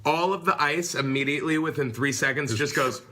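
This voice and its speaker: A man in casual podcast banter, reacting in an excitable way. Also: fairly high pitch, a little fast.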